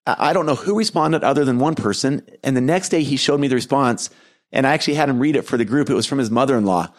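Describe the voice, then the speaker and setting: A middle-aged man speaks in a voice of ordinary pitch, telling a personal story for his podcast. His manner is earnest and gentle, reflective, with soft laughs here and there. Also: fast talker. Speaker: podcast host and keynote speaker.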